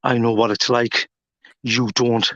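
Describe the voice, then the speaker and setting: A wrestling promoter cutting a threatening promo, taunting his opponent and rising to shouts. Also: mid-range voice, level tone, unhurried, no echo. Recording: dull lo-fi sound.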